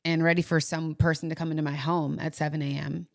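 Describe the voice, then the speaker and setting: A woman's voice: fast, creaky. A woman co-hosting a podcast, telling a story in casual chat and acting out what people said. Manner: animated retelling, acts out quoted lines in a higher voice. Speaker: podcast co-host.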